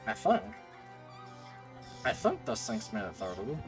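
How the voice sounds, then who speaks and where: A man's voice: fairly low pitch, wildly swooping pitch, a little slow, long pauses, soft background music, low-quality recording. A man streaming a video game, chatting casually and joking to himself. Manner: playful, joking, talks to himself.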